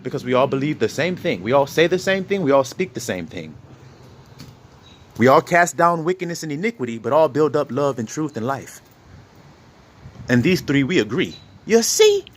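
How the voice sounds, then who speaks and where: A man with a medium-pitched voice preaches an informal sermon, animated and conversational, frequently posing rhetorical questions to his listeners.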